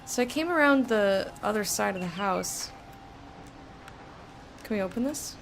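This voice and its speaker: Chatty young woman with a gravelly edge. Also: medium pitch, a little slow, noisy background. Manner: chatty, thinks aloud, jumpy bursts of excitement. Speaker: let's play streamer. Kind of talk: casual game commentary.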